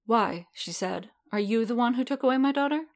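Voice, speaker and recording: A woman voicing a graceful alien mother with a Rillish accent, speaking in a light, musical, calm way. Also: fairly high pitch, fairly quick, voice pushed up, close to an everyday voice.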